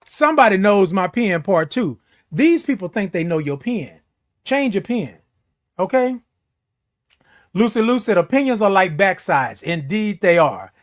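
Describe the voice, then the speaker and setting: High-voiced man hosting a livestream. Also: sing-song, a little slow. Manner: reads viewer comments aloud and answers them; says "indeed" and "y'all" often. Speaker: livestream host. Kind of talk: casual livestream chat reading comments.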